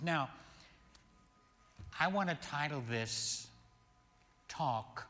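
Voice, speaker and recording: Slow, deliberate older man preaching. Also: fairly high pitch, expressive, sharp tone. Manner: slow, deliberate recitation with emphatic stresses. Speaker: minister. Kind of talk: sermon. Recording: hall reverb.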